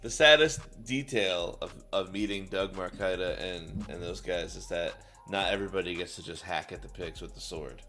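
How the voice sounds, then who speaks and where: A man's voice: sits low, normal speed, few pauses, pushed and bright, faint music behind. A man as a guest in a casual chat, rambling and laid-back with lots of fillers.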